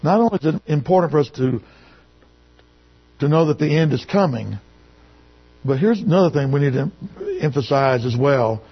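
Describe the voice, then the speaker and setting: High-voiced preacher on a dull recording. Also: male voice, lively intonation, moderate pace, long pauses, slightly rough. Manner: repeats phrases, asks rhetorical questions. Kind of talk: sermon.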